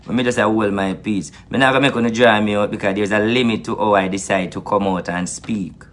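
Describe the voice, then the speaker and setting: A man's voice: fairly low pitch, fairly even intonation, brisk. A man with a Jamaican accent, a spiritual advisor delivering an angry, repetitive monologue full of grievance and swearing.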